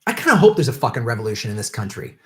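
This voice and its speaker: A man's voice: medium pitch, sing-song, very fast. A man hosting a political livestream, ranting angrily and profanely at politicians in an unscripted commentary. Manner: profane, shouting, bitter ranting.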